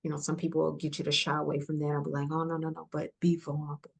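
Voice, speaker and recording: A woman's voice: low voice, monotone, very fast, gravelly. A woman guest on a podcast, speaking earnestly and emotionally, repeating herself and dropping into near-whispers as she encourages listeners. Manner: earnest, repetitive, softly emotional, drops to whispers. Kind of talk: heartfelt conversational encouragement.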